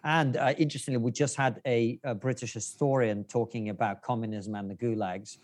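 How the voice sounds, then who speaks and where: A man's voice: mid-range voice, steady tone, a little fast, darkish tone. A man from Russia, guesting on a podcast, with a mid-range voice. He chats casually and drops dry, wry jokes between his points.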